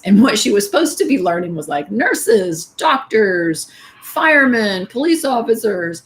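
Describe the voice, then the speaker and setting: A woman's voice: medium pitch, very animated, moderate pace. A middle-aged woman giving a candid, conversational motivational talk at a women's event, with many fillers. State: tearful at times.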